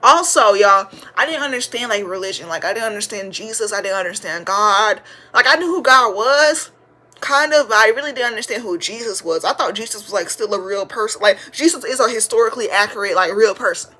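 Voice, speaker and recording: A woman in her twenties hosting a podcast, telling a funny story in a chatty, slangy way, sometimes breaking into loud shouted praise. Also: medium pitch, lively intonation, fairly quick. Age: 20s. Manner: slangy, chatty, addresses listeners as y'all. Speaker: podcast host. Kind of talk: casual storytelling to listeners.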